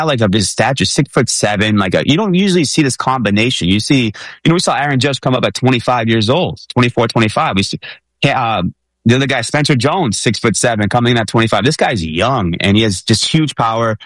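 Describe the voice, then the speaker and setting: A man's voice: fairly low pitch, fairly bright tone, no echo. A man co-hosting a sports talk show, rambling with many fillers and restarts.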